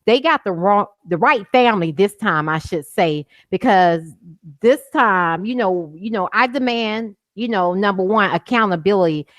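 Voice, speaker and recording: A woman's voice: mid-range voice, expressive, moderate pace, a bit bright, no echo. A middle-aged woman speaking as an interview guest, impassioned and insistent, repeating her points for emphasis and at times near tears. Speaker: guest, mother of a man killed by police. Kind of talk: interview over a call.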